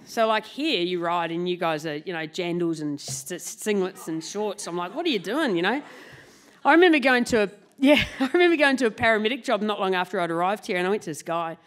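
A woman telling a true story live to an audience, lively and laughing often, swearing casually. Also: mid-range voice, brisk. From New Zealand. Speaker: motorcycle club president and storyteller.

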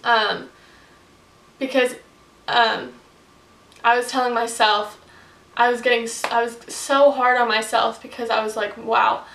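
A young woman confides in a casual vlog, her fairly high voice staying level and even rather than rising and falling. She fills her sentences with "like" and "um." She sits back from the mic in an echoey room. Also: measured pace, pauses often, far from the mic, slight background noise. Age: young adult. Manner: earnest and confiding, with frequent "like" and "um" fillers. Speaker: vlogger.

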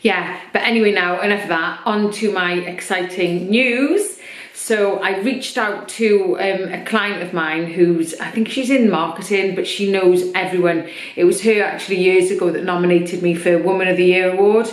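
A woman's voice: fairly low pitch, normal speed. A woman talking openly in a personal vlog, chatty with lots of fillers, her throat a little irritated. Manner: open, chatty, many fillers. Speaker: vlogger. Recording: echoey room.

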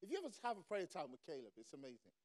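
A man preaching a fervent sermon in a church service, swinging from quiet asides to shouted declarations. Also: a little high, wildly swooping pitch, rapid-fire. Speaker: pastor.

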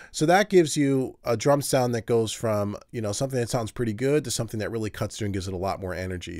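Guy walking thru his drum mix in a home studio, lowish voice, dry close sound, lots of ums. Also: a little mellow, no echo. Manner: casual, thinking aloud with fillers and restarts. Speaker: mix engineer tutorial host. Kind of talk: screen-recorded software tutorial.

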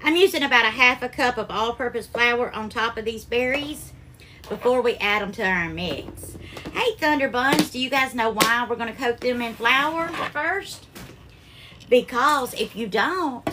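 Southern woman, cooking-stream host, high bright voice, faint hiss behind. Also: unhurried. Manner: affectionate, calls viewers darling and honey. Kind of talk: live cooking stream, greeting viewers. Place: home kitchen.

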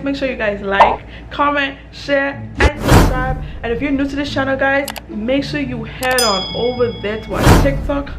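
A woman's voice: sits high, heavy background noise. A young woman hosting her vlog, talking casually to the camera. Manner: loud put-on ratchet voice with her fiancé. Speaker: vlog host.

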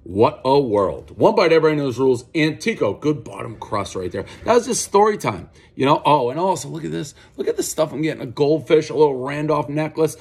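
A man's voice: on the high side, brisk, vocal fry, hardly any pauses, soft background music. A man giving a casual, rambling and profane pizza review, telling stories as he eats. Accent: Boston. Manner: rambling, profane, animated storytelling.

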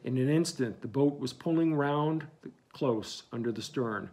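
A man narrating a novel with a gravelly, rough-edged voice at a middling pitch. He reads in a measured, steady way. It sounds like a plain audiobook recording.

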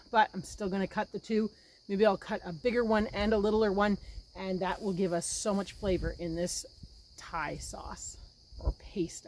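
This woman has a fairly high, slightly mellow voice. She's a homesteading vlogger making a relaxed cooking and garden vlog, walking through her garden with enthusiasm and then explaining a recipe in the kitchen as she goes.

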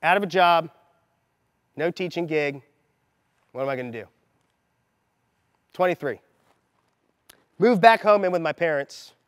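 Animated high-voiced man coaching in a hall. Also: measured pace, pauses often, clean tone, clean studio sound. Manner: animated storytelling, acting out quoted lines. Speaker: mindset coach. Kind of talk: motivational talk to a group. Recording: long hall reverb.

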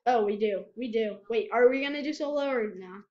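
A woman giving casual gameplay commentary at her computer, excitable and prone to repeating herself. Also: a little high, fairly quick. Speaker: gamer. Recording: dull lo-fi home mic.

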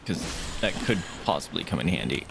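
A man's voice: low-pitched, expressive, brisk, creaky, background noise. A man streaming a game live, talking through his fights with frequent swearing, greeting viewers and chatting to his dogs. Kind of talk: live gameplay commentary.

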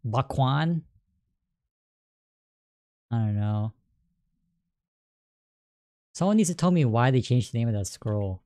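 A woman streamer chatting through a fighting game, calm between rounds and bursting into excited yelps mid-fight. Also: a bass voice, slow pace, long pauses, dry recording, studio quality. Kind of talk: live gameplay commentary.

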